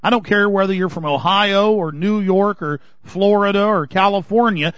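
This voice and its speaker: A man's voice: high-pitched, moderate pace, a bit bright, dry recording, dull audio. Indignant man ranting on talk radio. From Texas. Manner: impassioned, indignant ranting with many restarts. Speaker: political commentator.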